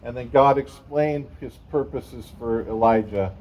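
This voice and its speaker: A man's voice: mid-range voice, a little slow, darkish tone, a little hiss or hum, low-quality recording. A man preaching a sermon in a conversational way, with casual asides to the congregation. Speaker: pastor.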